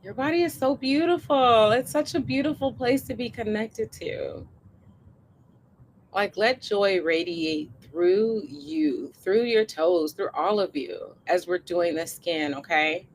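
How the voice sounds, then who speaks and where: A woman coaching a live online group, speaking in a gentle, encouraging way as she leads a relaxing body scan meditation. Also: mid-range voice, slight background noise, poor audio. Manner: gentle, encouraging, slow guiding cadence with soft laughs. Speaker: coach hosting a co-planning session. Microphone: live online session.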